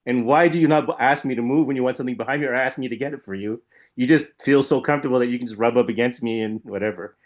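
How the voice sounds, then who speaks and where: A man's voice: mid-range voice, quick pace. Rambling man telling a dream story. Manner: rambling, animated retelling with frequent "like" and "right?". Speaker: podcast co-host. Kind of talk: casual chat, storytelling.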